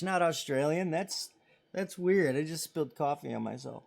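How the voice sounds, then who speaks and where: Reading viewer comments on his live stream, a thirty-something man rambles casually and jokes at his own expense. His voice is on the high side, expressive and creaky, at a normal pace.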